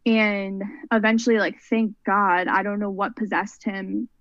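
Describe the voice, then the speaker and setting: A woman's voice: medium pitch, little pitch movement, measured pace, fairly bright tone, no room sound. A young adult woman, a podcast interview guest, recounting a personal story in an earnest, rambling way. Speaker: guest, mental health advocate. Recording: dull lo-fi, dry sound.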